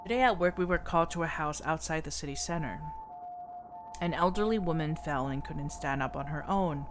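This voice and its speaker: A woman's voice: deep voice, a little fast, noisy background. A young woman streamer reading a game's story aloud and adding playful, laughing remarks. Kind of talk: reading a game aloud with casual commentary. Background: game music.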